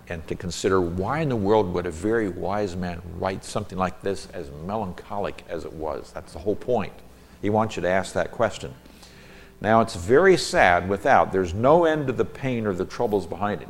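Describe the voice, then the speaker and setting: Male Bible teacher, lowish voice, reads scripture with emphasis, then explains the Hebrew. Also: darkish tone.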